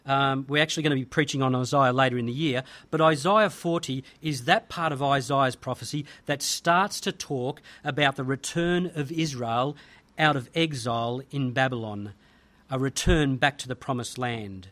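A man's voice: medium pitch, normal speed, a bit bright. An Australian man preaching a sermon, emphatic, with building rhetorical repetition.

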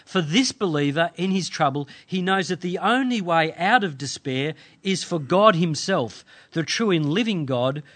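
A man preaching a sermon, reading scripture in measured, earnest phrases with deliberate pauses. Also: fairly high pitch, a bit bright. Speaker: pastor.

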